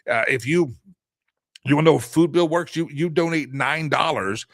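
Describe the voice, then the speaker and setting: A man's voice: fairly high pitch, normal speed, no echo. A middle-aged male host making a rambling, earnest, folksy appeal for charity donations, with a preacher-like tone. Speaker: talk show host.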